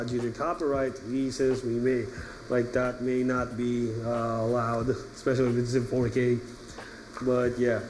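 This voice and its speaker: A man hosting his own channel, reviewing an artbook in a casual, halting ramble full of restarts, an earnest fan. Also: medium pitch, darkish tone, slight background noise, poor audio. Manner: earnest fan, laughs now and then. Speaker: channel host. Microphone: top-down camera setup.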